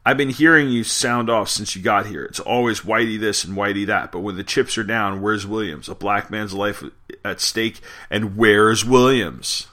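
A man reading the lines of a blinded adult male soldier who scolds a troublemaker forcefully. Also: on the low side, normal speed. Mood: scolding.

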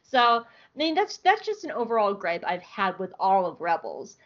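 A woman's voice: mid-range voice, big pitch swings, moderate pace. A woman co-hosting a podcast, recapping an episode in blunt, profane, sarcastic casual chat. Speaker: podcast co-host. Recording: dull lo-fi podcast audio.

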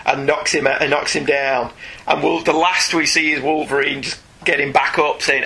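His pitch is fairly high and the recording is low quality. This co-host talks comics casually, full of animated enthusiasm and ready laughter.

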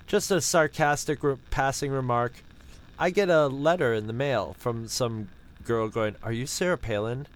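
A man's voice: mid-range voice, unhurried, poor audio. A man co-hosting a podcast, telling a sarcastic, profane story in casual, rambling chat. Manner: animated, rambling with restarts. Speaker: podcast co-host.

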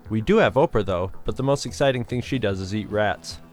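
A man's voice: fairly low pitch, a little fast, a little mellow, faint music behind, natural voice. A man voicing a cocky, easygoing male zookeeper who talks casually and persuasively.

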